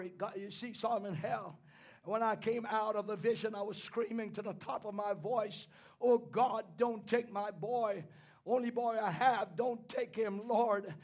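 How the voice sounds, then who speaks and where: High-voiced preacher who bursts into shouting. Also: male voice. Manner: impassioned, rising into shouts, halting repetitions. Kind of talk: sermon.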